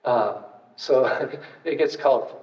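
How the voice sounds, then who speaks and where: A man's voice: medium pitch, measured pace, a little mellow. An older man, a retired archaeologist, giving a casual, anecdotal public talk with slides, full of fillers and wry asides. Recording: distant, roomy, dull hall recording.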